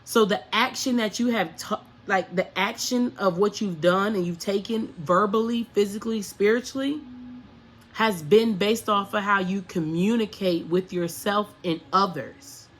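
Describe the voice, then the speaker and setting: A woman's voice: mid-range voice, measured pace, a little hiss or hum. A woman giving a casual spiritual talk to her viewers, in the manner of a spiritual coach. She hammers home her points with repeated rhetorical questions. She uses blunt, profane slang. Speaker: spiritual coach and astrology reader.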